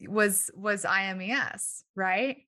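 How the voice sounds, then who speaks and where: Bright, enthusiastic woman podcast host. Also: medium pitch, slow pace. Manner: enthusiastic, animated storyteller, laughs often. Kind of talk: casual interview conversation.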